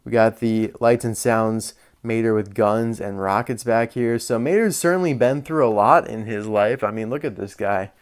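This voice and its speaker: A man's voice: lowish voice, normal speed, few pauses, clean tone. A young man casually reviewing die-cast toys, chatty and openly annoyed by poor quality. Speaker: toy reviewer. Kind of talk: casual toy review vlog.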